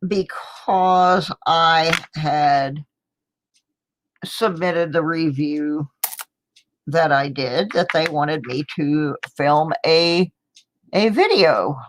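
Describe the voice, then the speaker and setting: A woman's voice: low-pitched, slight background noise. A middle-aged woman chatting casually to viewers from home, rambling and laughing a little as she sorts coins. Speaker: coin roll hunting vlogger. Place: home, indoors.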